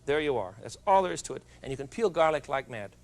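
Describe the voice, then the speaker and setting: A man's voice: medium pitch, very animated, fast. Jovial TV cooking host, man. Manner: chatty, jovial, joking asides. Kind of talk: televised cooking demonstration. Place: TV studio kitchen.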